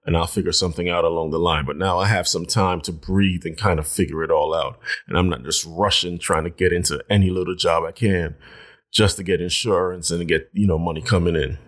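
Low-voiced man telling a lively story. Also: fairly quick. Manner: animated, jumps high in pitch when acting out his own reactions. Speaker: vlogger telling a personal story to viewers. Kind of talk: casual storytelling to camera.

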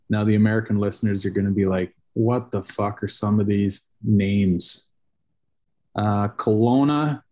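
A man's voice: medium pitch, a little mellow. A man, co-hosting a casual podcast and telling rambling, profane stories. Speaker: podcast co-host.

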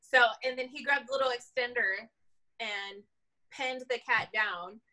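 A woman police officer telling a story in casual chat, animated, laughing often and acting out what people said. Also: fairly high pitch, a little slow.

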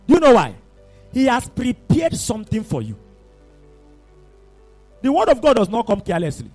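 A man preaching with a high, animated voice that swings widely in pitch. He delivers an impassioned sermon, calling out to his congregation as faint music plays behind him.

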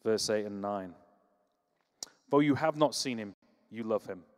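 A man preaching a sermon, telling stories with humor and lively energy. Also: lowish voice, unhurried, long reverb tail. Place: church.

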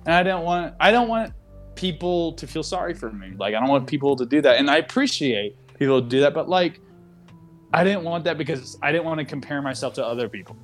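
A young adult man hosts a casual podcast from his desk at home, rambling candidly with frequent fillers and self-interruptions. His fairly high voice is expressive and a little fast, with soft music in the background.

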